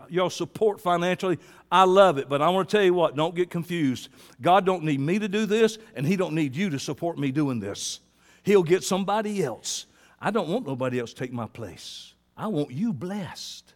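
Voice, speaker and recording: A man preaching a sermon as pastor, folksy and impassioned, rising to loud fervent peaks and dropping to quiet intensity. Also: high voice, long reverb tail. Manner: folksy colloquial speech with rhetorical questions to the congregation.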